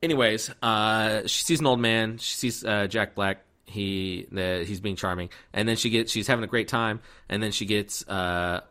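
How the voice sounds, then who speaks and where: A man's voice: on the low side, fairly even intonation, normal speed, hardly any pauses, pushed and bright. A man casually recapping a movie plot, rambling with fillers and restarts and acting out the characters' lines.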